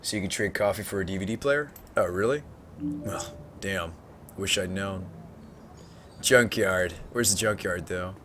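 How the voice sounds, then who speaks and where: A man's voice: deep voice, a little slow, pauses often, a bit bright, a little hiss or hum. A man streaming a game, chatting casually and thinking aloud as he plays. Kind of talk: casual gameplay chat.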